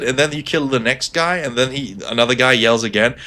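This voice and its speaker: A man's voice: mid-range voice, lively intonation, fast talker, hardly any pauses, pushed and bright. A man streaming a game live, chatting casually with sarcastic jokes and frequent laughs. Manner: joking, laughs often, sarcastic asides.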